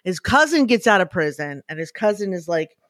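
Female podcast co-host, casual storyteller, bursts into animated impressions, dry close sound. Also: fairly low pitch, fairly quick, no echo. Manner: animated storytelling, breaks into loud excited impressions. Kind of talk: casual chat.

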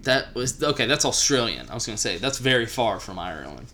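A young man with a light Texan accent and a bright, forward voice. He talks in a loose, casual way, full of "like" and "uh", tossing out blunt, opinionated takes with a joking edge. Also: medium pitch, sing-song, a little fast. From Texas. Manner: opinionated, joking, many fillers. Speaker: podcast co-host. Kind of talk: casual chat.

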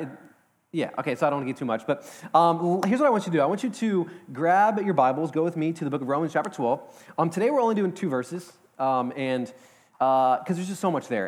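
A man preaching an energetic sermon to young adults in a church service, in a fast and casual way with many fillers. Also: fairly high pitch. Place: church service hall with congregation.

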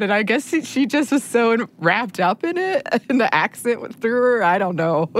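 A woman's voice: a little high, very animated, moderate pace. A woman co-hosting a podcast, chatting casually and laughing often. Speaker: podcast co-host.

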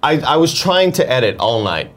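A man's voice: medium pitch, big pitch swings, moderate pace, fairly bright tone. A man co-hosting a casual comedy chat, playfully indignant and swearing a lot. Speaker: co-host.

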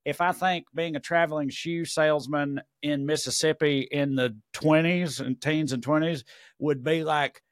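A man's voice: fairly high pitch, steady tone, moderate pace, no room sound, clean studio sound. A man with a Southern American accent, co-hosting a podcast and telling rambling, profane, jokey stories in casual chat. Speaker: podcast co-host.

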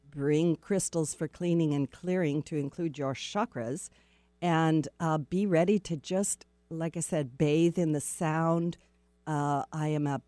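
A woman's voice: low voice, a little mellow, no echo. A woman hosting a listener-supported radio talk show, giving chatty, upbeat announcements in a spiritual tone and speaking directly to her audience.

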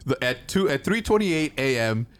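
A man's voice: mid-range voice, very animated, normal speed, no room sound. A young man hosting a casual group podcast, swearing and laughing often. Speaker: podcast host.

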